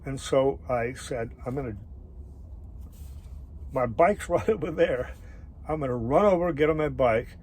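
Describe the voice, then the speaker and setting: A middle-aged man casually telling a travel story, rambling and halting with many fillers and restarts. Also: medium pitch, darkish tone, a little hiss or hum, low-quality recording. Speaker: travel vlogger.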